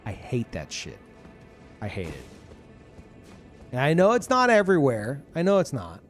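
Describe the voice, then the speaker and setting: Over soft background music, a young man with a medium-pitched voice talks at a moderate pace while streaming a game. It's a loose, lively rant full of cursing and verbal filler.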